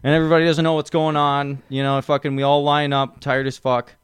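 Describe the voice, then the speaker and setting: A man's voice: fairly high pitch, flat delivery, fairly quick, slight background noise. A young man co-hosting a podcast, telling army stories in casual chat, swearing a lot and laughing often. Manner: profane, laughs often, acts out drill sergeants. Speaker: podcast co-host.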